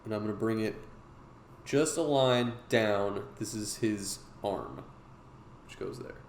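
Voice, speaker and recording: A man's voice: lowish voice, slow pace. A man hosting a live-stream drawing tutorial, chatting casually and rambling with lots of fillers. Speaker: streamer and artist teaching drawing. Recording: roomy with faint noise.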